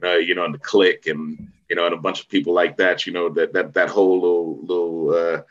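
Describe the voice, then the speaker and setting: Deep-voiced man, bright and forceful. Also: flat delivery, a little fast, lo-fi sound. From Vallejo, Bay Area, California. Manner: rambling storyteller, many fillers and restarts. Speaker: actor, interview guest. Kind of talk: casual interview conversation.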